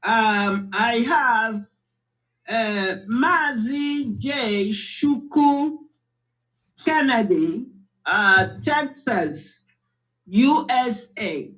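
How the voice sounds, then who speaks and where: A woman reading out a list of donors, measured and hesitant with fillers. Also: fairly high pitch, expressive, a bit bright, rough recording. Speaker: donation announcer.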